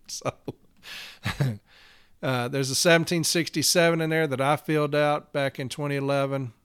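Blunt, emphatic man with a smooth voice. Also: on the high side, steady tone, moderate pace, long pauses, a bit bright. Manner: blunt and emphatic, swears freely. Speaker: union representative. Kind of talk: casual podcast storytelling.

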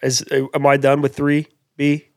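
Podcast guy chatting, self-deprecating, mid-pitched voice, dead dry sound. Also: monotone, normal speed, no echo. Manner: self-deprecating, rambling with restarts. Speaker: podcast co-host. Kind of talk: casual podcast chat.

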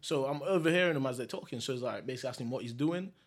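A man's voice: mid-range voice, racing. A young adult man from England, a guest telling a story in a casual, slangy, laid-back way and laughing often.

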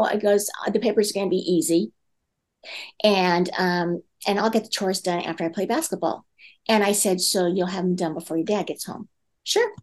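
A middle-aged woman with a lowish voice appears as a guest speaker on parenting, telling a family story in relaxed conversation. She acts out the dialogue and uses many fillers.

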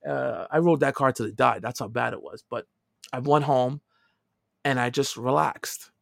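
A middle-aged man casually telling a long personal story, dropping to quiet asides and rising to loud, emphatic lines. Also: mid-range voice, normal speed, creaky, dry recording, clean studio sound. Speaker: podcast co-host telling a story.

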